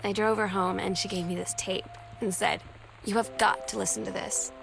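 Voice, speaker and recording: Game journal narration: actress as a wistful teen girl, confiding, gravelly edges, music behind. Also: medium pitch, steady tone, normal speed, lightly acted. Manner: soft, reflective, confiding. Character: teenage girl recalling a new friend, wistful.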